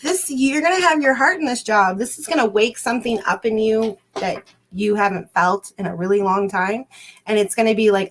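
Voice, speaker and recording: A woman's voice: on the high side, moderate pace. A woman giving a psychic card reading on a livestream, effusive and giggly, often repeating herself. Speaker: guest psychic. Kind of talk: live-streamed card reading.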